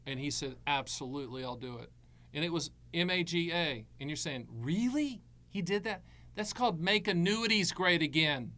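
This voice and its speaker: Middle-aged male advisor, voice on the higher side, chatty live-Q&A host with quick jokes. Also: expressive, fairly bright tone. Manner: breezy, jokey, self-promoting salesman patter. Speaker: annuity advisor hosting a live Q&A. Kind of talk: live Q&A, answering viewer questions.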